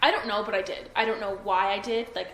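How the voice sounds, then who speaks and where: A young adult woman giving a halting account to an interviewer, full of "like" and restarts. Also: medium pitch, fairly even intonation, fairly bright tone. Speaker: witness being interviewed. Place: indoors at her home. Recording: echoey room with faint ambient noise.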